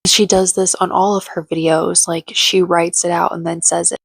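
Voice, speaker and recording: Brief: young woman, low-ish voice, gossipy and sarcastic recap chatter, dry close recording. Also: flat delivery, moderate pace, gravelly, hardly any pauses, breathy edge, no echo. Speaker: reality TV recap vlogger. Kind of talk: casual chatty commentary.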